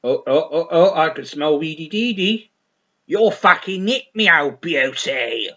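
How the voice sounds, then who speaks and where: A man voicing a mocking West Country police officer in a loud, jokey, mock-stern way, on a lo-fi recording. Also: fairly high pitch, animated, measured pace. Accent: West Country English, put on.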